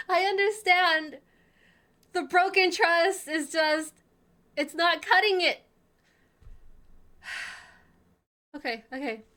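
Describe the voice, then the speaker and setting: A woman streaming a game, commenting in an excitable, exclaiming way. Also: very high-pitched, takes it slowly, pauses often. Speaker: gaming streamer. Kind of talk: let's play commentary.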